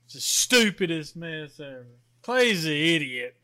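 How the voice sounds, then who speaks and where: A young man chatting casually on a podcast, talking slowly in a drawl. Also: a little high, sing-song, bright, forceful tone, clean tone. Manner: drawling, slow-talking, laughs at himself. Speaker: podcast co-host. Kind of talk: casual chat.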